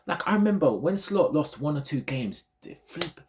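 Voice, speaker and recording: A man's voice: fairly high pitch, normal speed, heavy background noise. A man from Ghana, a football vlogger, ranting casually about online fans in a digressive, repetitive way. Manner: animated, digressive, repeats himself.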